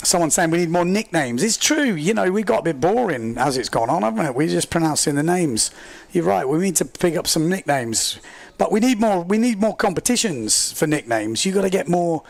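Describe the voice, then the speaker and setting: A man commentating a live race stream, excitable and chatty, joking at his own expense as he reads viewer comments. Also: sits high, brisk, vocal fry. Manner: excitable, chatty, self-deprecating, rambling with fillers. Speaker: livestream sports commentator.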